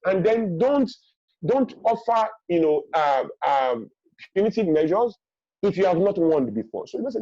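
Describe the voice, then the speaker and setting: As a guest speaker on a parenting webinar, a man gives emphatic advice, repeating his main points and acting out what parents say. His voice is high, warm, and sing-song at a normal pace, with no echo, captured through a video call in dull, lo-fi audio.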